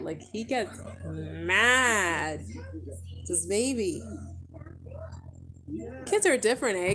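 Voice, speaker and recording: A tired mother chatting casually on her vlog while soothing her baby, talking to him in a gentle sing-song way. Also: fairly high pitch. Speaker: mother vlogger.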